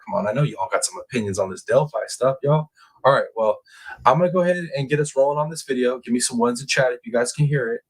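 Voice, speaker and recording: A man hosting a casual livestream from home, chatting with viewers and reading their comments in a relaxed, drawling way that jumps higher when he gets excited. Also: quick pace, husky, poor audio. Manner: laid-back, chatty, drawling out words. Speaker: livestream host reading chat.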